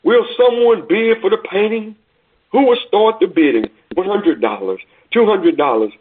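A man's voice: high voice, normal speed, husky, voice pushed up. A man voicing a persistent male auctioneer calling for bids insistently, on a tinny phone-like recording.

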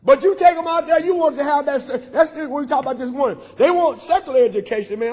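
A man's voice: very high-pitched, quick pace, hardly any pauses, darkish tone. A man preaching a sermon as pastor, repeating lines in call-and-response style. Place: church sanctuary. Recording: long church hall reverb.

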